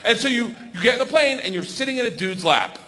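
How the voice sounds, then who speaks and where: A man in his forties doing a stand-up comedy set, loud and laughing as he shouts punchlines. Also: very high-pitched, expressive, fast talker. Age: 40s. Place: comedy stage before audience. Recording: live club with crowd noise.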